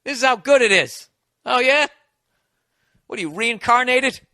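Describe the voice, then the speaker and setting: A man's voice: very high voice, lively intonation, a little slow, pushed and bright, dry recording, clean studio sound. Sarcastic American man ranting on a podcast. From United States. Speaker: podcast host. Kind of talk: comedic podcast monologue.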